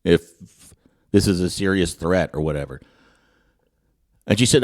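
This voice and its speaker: A man hosting a podcast, telling a funny personal story in casual chat, with many restarts and lively re-enactments. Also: low voice, a little slow, pauses often. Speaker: podcast host.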